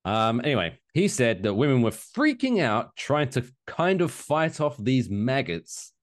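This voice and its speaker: A man co-hosting a casual podcast chat, animated and profane, slipping into mocking quoted voices. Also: medium pitch, unhurried. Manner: animated, swearing, jokey mock quotes. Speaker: podcast co-host.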